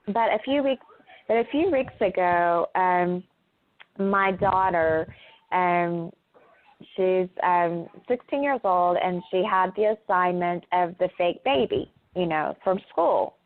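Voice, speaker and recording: A middle-aged woman speaks as a call-in guest, her words coming haltingly with frequent pauses and filler sounds. Her pace is very slow and her voice sits a little low. The sound comes through a narrow, tinny phone line. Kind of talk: casual interview over a call.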